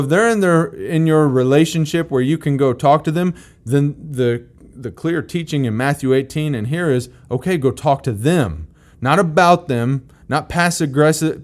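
A man's voice: on the high side, moderate pace, a little mellow. A man teaching through a Bible passage in a conversational, plain-spoken way. He is emphatic and repeats key phrases to drive them home.

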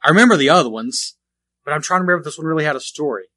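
A man with a bright, fairly high voice co-hosts a relaxed retro gaming podcast. He rambles and restarts his sentences, laughing along the way. The sound is dry and close. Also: very fast, no echo. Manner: rambling, self-correcting, laughs often. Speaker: podcast co-host. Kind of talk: casual chat about retro video games.

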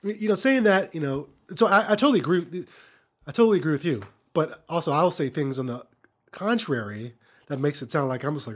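A man's voice: mid-range voice, a little fast. A man co-hosting a podcast in casual conversation, loose and rambling, full of "you know" and "I mean" asides. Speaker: podcast co-host, improv performer.

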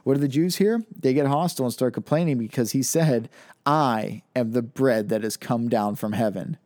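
A man teaches from the Bible, reading the passage out and then explaining it in easy, conversational speech full of rhetorical questions. His tone is warm and mellow. The recording is dry and close, with no room sound. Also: medium pitch, normal speed, dry recording. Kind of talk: reading scripture aloud and explaining it.

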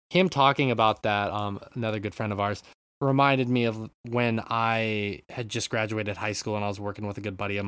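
A man's voice: lowish voice, fairly bright tone, no room sound. Rambling, profane podcast host man. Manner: rambling, swears freely, reads listener comments. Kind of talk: casual gaming podcast chat.

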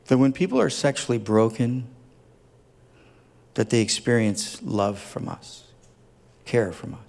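A man's voice: medium pitch, lively intonation, unhurried, creaky, a little mellow. A man preaching a sermon as a pastor, speaking earnestly and tenderly, building at times to fervent emphasis. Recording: long hall reverb.

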